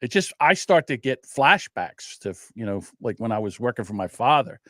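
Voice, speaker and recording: A man's voice: mid-range voice, sing-song, normal speed, fairly bright tone, no room sound, clean studio sound. A man hosting a podcast, telling stories animatedly, acting out quotes and swearing freely. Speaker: podcast host. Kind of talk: casual chat.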